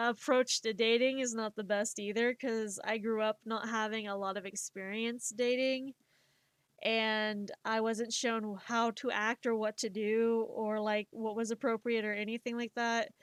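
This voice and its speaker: A woman's voice: a little high, clean tone, dry recording. A woman streamer chatting casually while drawing, rambling and candid, with stammered restarts. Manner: self-mocking, animated when acting out inner dialogue.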